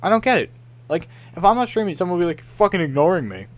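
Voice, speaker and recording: A man's voice: high voice, sing-song, quick pace. Ranting, foul-mouthed young man. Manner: frustrated, ranting, swears a lot, mimics others. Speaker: podcast co-host. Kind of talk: casual profane gaming podcast rant.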